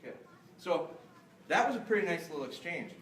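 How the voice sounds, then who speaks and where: A man's voice: brisk, a little hiss or hum. A middle-aged man, a dog trainer, giving a live seminar to an audience in a large store hall, chatty and joking. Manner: chatty, joking, jumps to high excited praise voice. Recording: roomy echo, mic at a distance.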